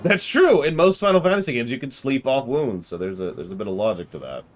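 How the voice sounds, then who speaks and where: A man streaming a game, chatting casually and retelling scenes with quick mock voices and exasperated outbursts. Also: mid-range voice, big pitch swings, faint music behind. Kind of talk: casual let's-play commentary.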